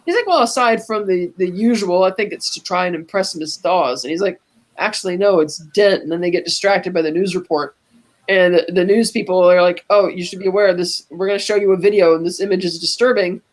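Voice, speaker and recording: A woman's voice: fairly low pitch, fairly quick. A woman co-hosting a podcast, casually retelling movie scenes and quoting the characters as she goes. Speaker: podcast co-host.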